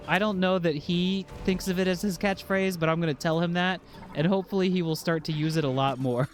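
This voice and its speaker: Guy streaming a game, kinda high voice, goofy and excitable, faint game music behind. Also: moderate pace. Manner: jokey and excitable, reads item scans aloud. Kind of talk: casual let's-play commentary.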